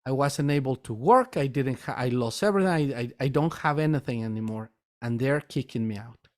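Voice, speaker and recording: The speaker, a meditation teacher who owns a metaphysical store, recounts something personal with earnest hesitation, going back over his words. His voice is medium in pitch and slightly mellow.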